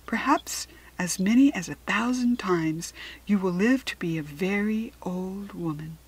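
A woman reading a storybook and voicing a wise, cryptic magical hare, with a breathy, calm and knowing manner. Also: mid-range voice, measured pace, poor audio.

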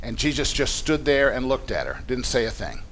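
A man's voice: medium pitch, big pitch swings, normal speed, fairly bright tone, a little hiss or hum. A man preaching a sermon in a conversational, explanatory way, often restarting his sentences. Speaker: pastor. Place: church meeting room.

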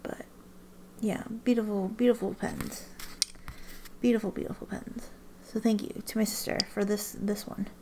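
A woman's voice: medium pitch, fairly even intonation, normal speed, pauses often, noisy background. A woman chatting casually to camera in a rambling way, with many restarts and ums. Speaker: ink swatching vlogger.

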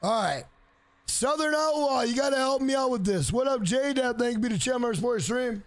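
A man streaming a game live, loud and profane, joking around, greeting viewers by name and breaking into shouted rhyming bits. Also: very high-pitched, lively intonation, brisk, dry recording.

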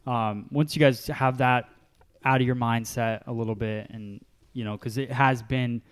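A man's voice: mid-range voice, steady tone, normal speed, clean tone. A man hosting a hairdressers' podcast in casual chat, easygoing and agreeable, often chiming in. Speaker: podcast host, hairstylist.

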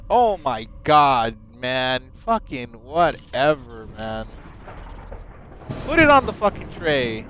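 A man's voice: mid-range voice, big pitch swings, slow, fairly bright tone, dull audio, slight background noise. A young man streaming a game, ranting, exasperated and cursing at it. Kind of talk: frustrated gameplay commentary.

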